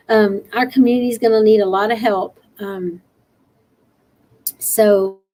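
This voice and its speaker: An earnest woman from Texas hosts an encouraging live-stream talk, her voice a little worn from a long night. She laughs easily between her calls to help others, at an ordinary mid-level pitch. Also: a little mellow, poor audio. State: tired after a long night. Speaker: show host.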